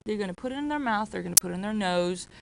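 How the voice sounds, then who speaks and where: Woman, workplace trainer, mid-pitch voice with vocal fry, repetitive coaching delivery. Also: animated, very fast, noisy background. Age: adult with children. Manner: repetitive, acts out customer exchanges. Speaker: restaurant staff trainer.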